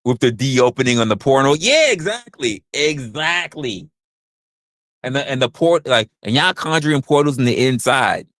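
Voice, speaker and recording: A man's voice: mid-range voice, expressive, normal speed, fairly bright tone, no room sound. A man hosting a livestream in casual chat, rambling, crude and joking, repeating his phrases into a close mic. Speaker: livestream host.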